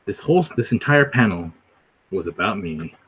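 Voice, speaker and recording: A low-voiced man talks at a normal speed on a livestream, rambling animatedly and hopping from topic to topic. There's background noise, and the recording sounds dull and lo-fi.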